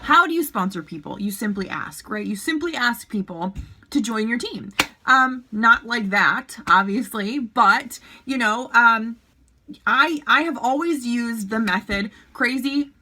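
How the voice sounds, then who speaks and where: A woman's voice: fairly high pitch, animated, unhurried, bright, forceful tone. A woman leading a sales team, talking casually and bubbly to camera from a child's bedroom, often checking in with the viewer. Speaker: network marketing team leader. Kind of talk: casual vlog advice.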